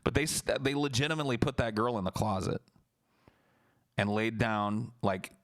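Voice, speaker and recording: A man's voice: lowish voice, moderate pace, a bit bright. A young man streaming, telling a story casually and talking back to his chat in a profane, blunt, laid-back way.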